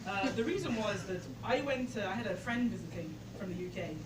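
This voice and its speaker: Onstage at a bar before a live audience, an English woman in her twenties speaks fairly quickly and expressively in a medium-pitched voice. Her storytelling is chatty and filler-heavy, and she laughs at her own story, captured on a distant camera mic amid roomy crowd noise.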